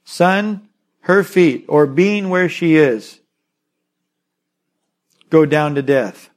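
A male pastor delivering a sermon with a slightly high-pitched voice. He works through scripture verse by verse, slowing down on key phrases and speaking to his listeners as "son". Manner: expository preaching, quotes scripture and addresses "son" with emphatic pauses.

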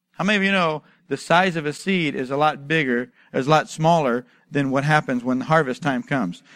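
A man preaching a sermon, telling stories and asking rhetorical questions, building to loud, emphatic exhortation. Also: fairly high pitch, no room sound, clean studio sound. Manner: storytelling with acted asides and rhetorical questions. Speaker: pastor.

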